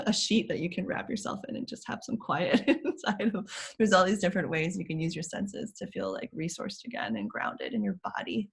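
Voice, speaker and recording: A woman's voice: lowish voice, husky. A woman parenting coach talking casually on a video call, with frequent fillers and light laughs. She acts out children's voices in a sing-song way. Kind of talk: casual explanatory talk as interview guest.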